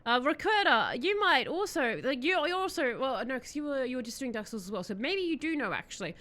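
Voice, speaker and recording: Giggly bright-voiced woman streamer. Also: high voice, sing-song, brisk. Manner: rambling, giggly. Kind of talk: casual stream chat and storytelling.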